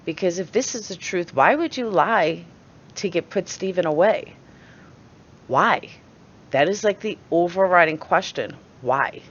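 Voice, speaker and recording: A woman's voice: on the low side, expressive, unhurried. A woman with a New York accent giving blunt, sarcastic commentary and swearing freely, with a dull lo-fi recording sound. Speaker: channel host. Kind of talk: opinionated commentary.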